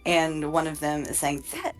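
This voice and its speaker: A woman narrating as game master in a casual, meandering, halting way. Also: low voice, creaky. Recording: faint music behind.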